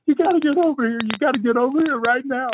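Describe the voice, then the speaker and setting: Man doing a frantic woman on the phone, shrill, very high, tinny line. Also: quick pace, noisy background. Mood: panicked. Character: panicking woman calling for help.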